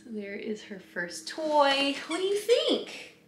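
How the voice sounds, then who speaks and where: A woman's voice: high voice, sing-song, takes it slowly. A woman hosting a casual unboxing vlog, slipping into sing-song baby talk as she chats to her dog at home. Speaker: vlog host. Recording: roomy, echoey room sound.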